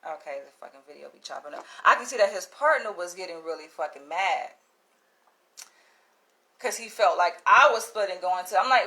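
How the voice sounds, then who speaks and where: A woman vlogging, telling a story in a casual, animated way, swearing freely, laughing and acting out what others said. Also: medium pitch, brisk. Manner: animated, profane, laughs often, acts out quotes.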